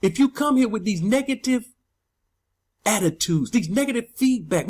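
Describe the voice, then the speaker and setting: A man's voice: high voice, expressive, normal speed, darkish tone. Guy preaching at his channel viewers, scolds a lot, repeats himself, voice swings up and down. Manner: emphatic, repetitive, scolding. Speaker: online preacher.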